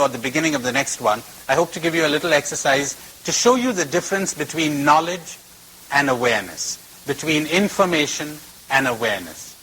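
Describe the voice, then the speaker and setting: A man's voice: on the high side, a bit bright, slight background noise, poor audio. A man giving a spiritual talk to a retreat audience, telling stories and repeating phrases for emphasis, recorded on old tape. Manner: storytelling with varied emphasis and repetition. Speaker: spiritual teacher.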